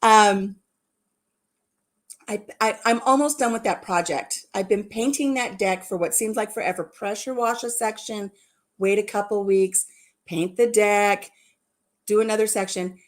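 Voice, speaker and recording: A woman's voice: mid-range voice, a little slow. A woman hosting a casual livestream chat, giggling often and repeating herself as she talks. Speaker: livestream host.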